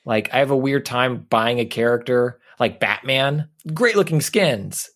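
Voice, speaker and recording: Animated joking man, co-host. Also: measured pace. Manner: animated, joking, mock-pitching. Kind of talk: casual podcast banter.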